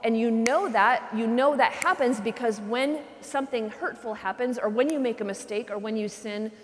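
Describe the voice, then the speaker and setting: A woman's voice: fairly high pitch, moderate pace, a little hiss or hum. Woman preaching in a reverberant cathedral. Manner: conversational, often checks in with "okay?"; drops to a soft hush when voicing prayer. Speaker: retreat speaker, religious sister. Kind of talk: charismatic retreat talk. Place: large cathedral.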